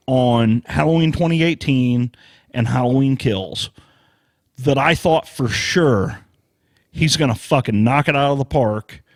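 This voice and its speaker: A man co-hosting a casual podcast, talking slowly and emphatically, swearing often and sounding worked up. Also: medium pitch, no echo. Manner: slow, emphatic, profane, worked up. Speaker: podcast co-host.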